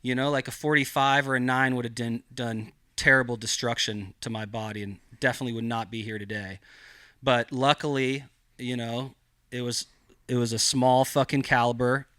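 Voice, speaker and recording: A man tells a story in loose, profane podcast talk, leaning hard on "like" and "dude." His voice is bright and forceful. The sound is dry and close. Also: mid-range voice, normal speed, no room sound. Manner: profane, animated, heavy filler "like". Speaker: podcast guest. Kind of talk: casual storytelling.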